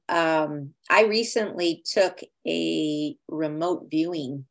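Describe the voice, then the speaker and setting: A woman's voice: mid-range voice, animated, measured pace, vocal fry. A woman hosting a podcast, chatty and conversational, laughing easily as she talks with her guest. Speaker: podcast host. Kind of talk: casual interview chat.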